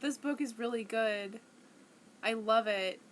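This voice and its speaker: A woman's voice: fairly high pitch, measured pace, slight background noise. A young woman talking to camera at home in a rambling, self-conscious way, full of restarts and fillers. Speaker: vlogger. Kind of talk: casual monologue to camera.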